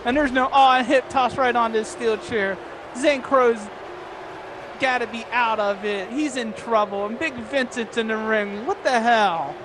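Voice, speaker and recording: An excitable wrestling commentator calling a match play by play, often shouting and swearing. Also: mid-range voice, unhurried. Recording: loud background noise.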